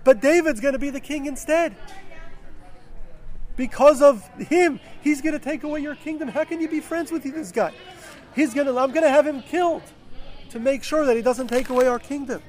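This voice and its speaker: A man's voice: very high-pitched, normal speed, darkish tone. A man voicing an angry, jealous king who accuses his own son.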